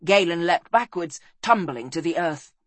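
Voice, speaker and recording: A woman narrating a fantasy adventure book, reading expressively and dropping low and soft in the sad passages. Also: animated, normal speed, dry recording. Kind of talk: dramatic storybook narration.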